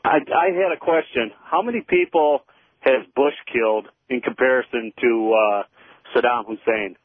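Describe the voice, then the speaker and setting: A man's voice: mid-range voice, moderate pace, no echo. Male radio caller, friendly and direct, mid voice, dry tinny phone line.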